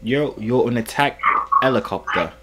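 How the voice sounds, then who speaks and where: A man's voice: medium pitch, moderate pace, heavy background noise, natural voice. A man doing an exaggerated, put-on British accent as a brash, insulting young British man in a prank video chat. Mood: mock-angry. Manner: loud, mocking, teasing, full of insults.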